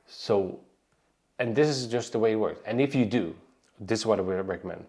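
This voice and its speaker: A man with a light Swedish accent coaches his viewers in a relaxed, conversational way. His voice sits fairly low, and he keeps tossing in "right?" and restarting his phrases as he goes. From Sweden. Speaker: online business coach. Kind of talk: casual advice talk to camera.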